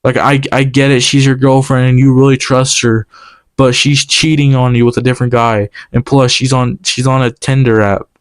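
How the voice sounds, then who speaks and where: A young man recounts a personal story in a casual, animated way, slipping into the lines of the people involved. His voice is clear and smooth at a medium pitch. The recording is dry and close, with no room sound. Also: no echo. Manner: animated, quoting others in quick exchanges.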